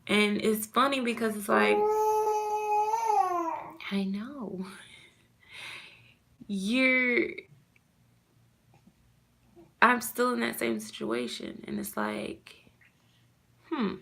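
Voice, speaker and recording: Slow, gravelly-voiced mother venting. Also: on the high side, fairly even intonation, bright, forceful tone. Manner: heartfelt, rambling, with many "you know" fillers. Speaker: mother vlogging about her custody loss. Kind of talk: casual personal rant to camera.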